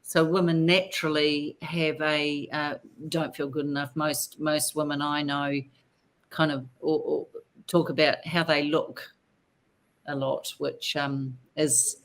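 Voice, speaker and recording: A woman's voice: sits low, level tone, takes it slowly. A woman guest in a conversational interview, speaking frankly and earnestly with frequent restarts.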